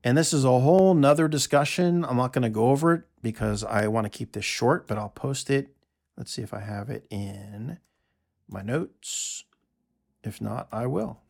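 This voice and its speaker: A man hosting a solo audio monologue from his notes, talking in an emphatic, sarcastic way with quick asides. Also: medium pitch, vocal fry, darkish tone. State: out of breath. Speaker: podcast host.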